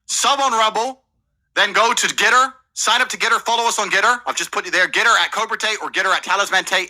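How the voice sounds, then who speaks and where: A man's voice: high-pitched, sharp tone, low-quality recording. A man in his thirties from England co-hosting a streamed show, brash and hyped, rattling off promo patter. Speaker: podcast co-host. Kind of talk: boastful streamed talk.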